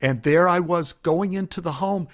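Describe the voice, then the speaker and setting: A man in his sixties from Dallas, telling stories from his life in an animated, conversational way as an interview guest. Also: sits high, moderate pace, no echo, clean studio sound. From Dallas, Texas. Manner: animated, acts out remembered voices. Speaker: guest storyteller. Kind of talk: conversational storytelling.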